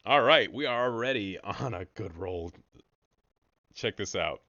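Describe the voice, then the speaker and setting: Playful, lively man streaming a game. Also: unhurried, dull audio. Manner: playful and jokey, with sudden high excited yelps. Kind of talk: casual gaming commentary.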